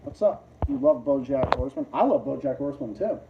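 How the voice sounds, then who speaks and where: A man hosting a livestream, ranting casually, profane and combative, jumping between loud outbursts and low mutters. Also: animated, brisk, background noise. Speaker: livestream host. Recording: muffled, roomy, distant lo-fi mic.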